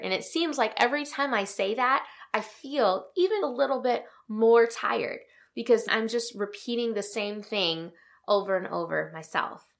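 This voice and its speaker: A woman hosting a devotional podcast, speaking in a gentle, earnest way and reading scripture aloud. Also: medium pitch, normal speed, creaky. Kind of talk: reflective devotional talk.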